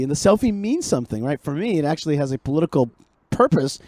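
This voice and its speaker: Man, podcast host, fairly high voice, dry close sound, lively, repeats himself. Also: rapid-fire, no echo. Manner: animated, repeats words, jokey. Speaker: show host. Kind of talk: casual podcast conversation.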